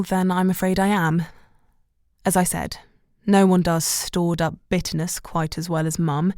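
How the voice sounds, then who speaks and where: A woman narrating a romantic comedy audiobook in the first person, wry and measured. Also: fairly low pitch, creaky, no echo, studio quality.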